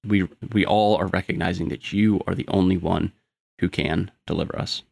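A man explaining a Bible passage in a steady teaching manner with frequent ums. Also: sits low, moderate pace, vocal fry, no echo. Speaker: Bible study co-host. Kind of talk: explaining scripture.

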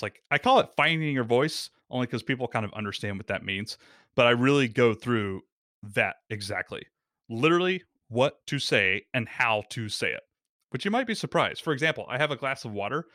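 Animated man explaining podcasting. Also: medium pitch, no room sound, clean studio sound. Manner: animated, quick explainer acting out quotes. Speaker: podcast guest. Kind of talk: casual podcast conversation.

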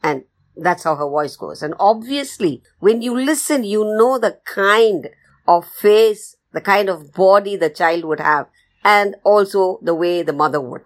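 A woman's voice: medium pitch, measured pace. A woman storyteller earnestly explaining her craft in an interview. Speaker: storyteller, guest. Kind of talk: interview answer.

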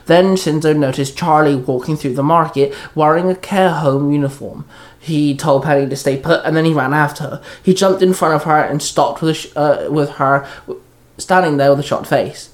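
Male amateur narrator, plain steady reading, slightly high. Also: moderate pace. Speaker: reader. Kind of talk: reading fan fiction aloud.

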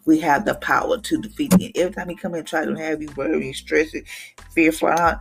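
A woman's voice: sits low, steady tone, a little fast, creaky. A woman hosting a devotional podcast, speaking in a casual, emphatic way and acting out what she said to others.

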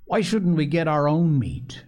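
A man's voice: fairly high pitch, lively intonation, measured pace, darkish tone, pitched above the performer's own voice. A man voicing a young boy leader, frustrated and clipped.

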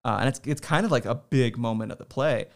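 Man with a gravelly voice telling stories. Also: medium pitch, fast talker. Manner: relaxed, self-deprecating storytelling; laughs often. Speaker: interview guest. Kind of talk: casual chat.

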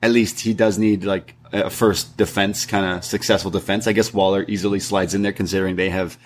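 A man's voice: low-pitched, flat delivery, fairly quick. Laid-back joking man co-hosting. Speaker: podcast co-host. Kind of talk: casual chat about wrestling.

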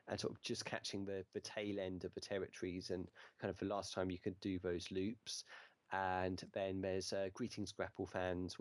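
A man answers a podcast interviewer in a low, level voice that rarely rises or falls. He hesitates often and leans on fillers and hedging words. The sound is dry and close, with little room around it. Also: no echo. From United Kingdom. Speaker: podcast guest, wrestling writer.

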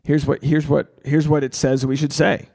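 Animated, swearing man with a fairly high voice. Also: moderate pace, vocal fry. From Rhode Island. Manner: animated, swears freely, acts out quotes. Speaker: podcast host, standup comedian. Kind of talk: candid podcast talk.

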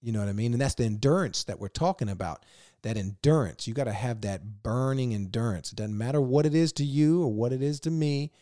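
Male podcast guest from Virginia, mid-pitched, swearing storyteller, dry close sound. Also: fairly quick, no echo. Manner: animated, profane, laughing storyteller. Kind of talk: casual storytelling.

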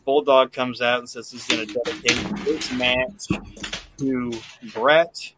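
A man's voice: medium pitch, flat delivery, takes it slowly, heavy background noise. A man hosting a casual podcast, rambling through a recap with plenty of cursing and fillers. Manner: rambling and profane, lots of fillers. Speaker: podcast host. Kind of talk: casual podcast chat recapping wrestling shows.

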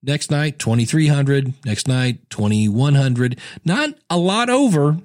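A man's voice: mid-range voice, lively intonation, takes it slowly, darkish tone, dry recording, clean studio sound. A middle-aged man hosting a casual solo podcast, chatty and self-deprecating, acting out his own thoughts in little voices. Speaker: podcast host.

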